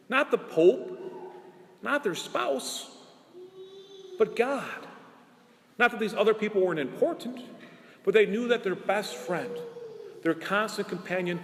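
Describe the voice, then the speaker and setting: A priest giving an earnest sermon, asking rhetorical questions and drawing out his key words slowly. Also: high-pitched, long reverb tail. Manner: earnest preaching with rhetorical questions and slow emphatic endings.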